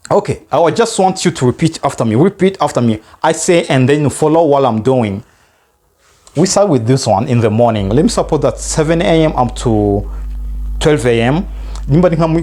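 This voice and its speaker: A man's voice: mid-range voice, warm tone. A man with a Rwandan accent teaching an English lesson, switching between two languages and repeating phrases for students to drill.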